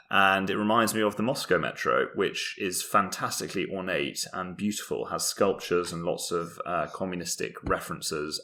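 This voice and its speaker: Young man from Britain, low pitch, bright tone, casual comedic podcast chat, rambling and self-mocking. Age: young adult. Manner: rambling, self-mocking, with frequent ums and laughs. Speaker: podcast co-host.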